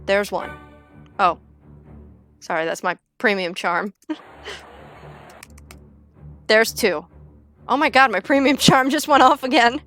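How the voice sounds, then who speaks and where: A woman's voice: on the high side, steady tone, takes it slowly, long pauses, a bit bright, soft background music. A young woman chatting casually on a gaming livestream, rambling and joking with frequent swearing. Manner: rambling, jokey, swears freely. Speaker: streamer.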